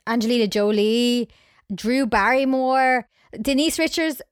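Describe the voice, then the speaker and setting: A woman's voice: on the high side, measured pace, clean tone, no room sound, studio quality. A young woman co-hosting a casual film podcast, chattily recapping scenes and acting out the characters' lines. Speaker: podcast co-host.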